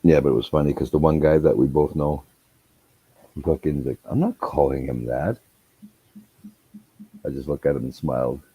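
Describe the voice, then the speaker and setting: A man's voice: extremely low pitch, steady tone, fairly quick, slightly rough, dry recording, muffled recording. A man chatting on a livestream, telling stories full of swearing and teasing with a laugh. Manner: profane, laughing, teasing storyteller. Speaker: guest on a livestream. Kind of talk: casual chat.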